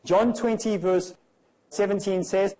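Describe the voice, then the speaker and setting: A man delivers a comparative religion lecture, pressing his points with rhetorical questions. His voice sits somewhat high for a man but sounds warm and mellow rather than bright. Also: steady tone, unhurried, low-quality recording. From South Africa. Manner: rhetorical, emphatic, many questions.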